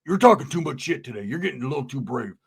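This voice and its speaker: A man's voice: mid-range voice, big pitch swings, racing, gravelly, husky, voice pushed down, full character voice. A man voicing his crude, hot-tempered, broke white friend, who rants profanely and calls everyone brother. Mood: threatening.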